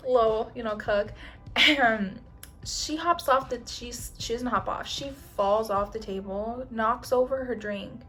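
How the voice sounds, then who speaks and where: A young woman chatting casually while doing her makeup, telling a long story in an animated, slangy way, swearing often and acting out other people's lines. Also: a little high, unhurried. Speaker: beauty vlogger. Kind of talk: get-ready-with-me storytime.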